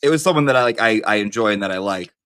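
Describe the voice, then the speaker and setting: A man's voice: fairly low pitch, lively intonation, rapid-fire, fairly bright tone, clean tone. Brief: male live-stream host, loose campy chat, foul-mouthed and rambling.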